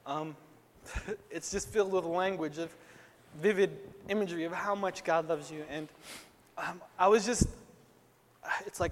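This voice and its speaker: A man's voice: high-pitched, normal speed, a bit bright. A young man giving an earnest, conversational personal testimony as a sermon, full of casual fillers. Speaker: speaker at a Christian gathering. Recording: long hall reverb.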